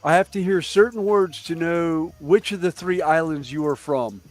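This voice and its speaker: A man's voice: on the high side, normal speed, soft background music. A man in his fifties chatting casually as a host, rambling, swearing now and then and laughing often. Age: 50s. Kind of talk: casual chat.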